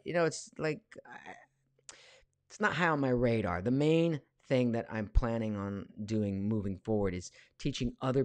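A man's voice: on the low side, no echo. A man in his forties, a voice actor, chatting casually on a live stream from his home studio, reading viewer questions aloud with lots of fillers. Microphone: studio mic.

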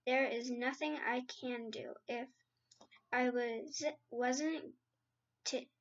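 A woman reading the part of a big, gentle male giant who talks in slow, muddled grammar and made-up words. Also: on the high side, steady tone. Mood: resigned. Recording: slightly dull lo-fi sound.

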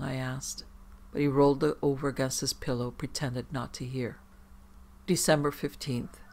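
A man narrates a scripted horror story in a measured, hushed reading style. His voice is gravelly and pitched a little high for a man. He keeps his delivery flat and even.

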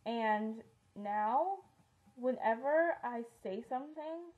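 A woman's voice: on the high side, lively intonation, takes it slowly. Chatty teen girl, tinny sound. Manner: chatty, rambling with many ums and likes. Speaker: beauty vlogger. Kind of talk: casual monthly favorites vlog.

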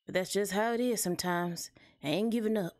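A woman with a Southern accent voicing a weary, hardworking mother rabbit in a game, talking with a tired, soft drawl. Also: medium pitch, a little fast, close to an everyday voice. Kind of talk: game voice-acting.

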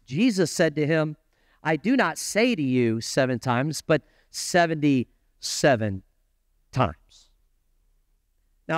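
A man with a high-pitched voice preaching a sermon. He swings from relaxed, conversational asides up into fervent, emphatic peaks. The sound is close and dry, with no room echo. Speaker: pastor.

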